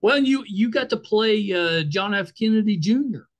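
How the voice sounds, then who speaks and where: Lively higher-voiced man hosting. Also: moderate pace. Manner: friendly, encouraging, laughs often. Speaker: podcast host. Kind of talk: casual interview chat.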